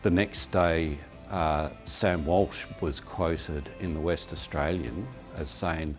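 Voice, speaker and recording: A man recalling early stories in a measured interview. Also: extremely low pitch, fairly even intonation, faint music behind. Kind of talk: recollecting interview.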